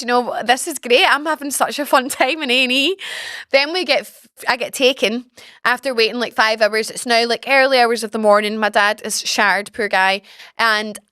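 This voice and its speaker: A woman in her twenties hosting a podcast, telling stories in a chatty, animated way and swearing freely. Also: on the high side, smooth, dry recording, clean studio sound. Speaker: podcast host. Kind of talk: casual storytelling chat.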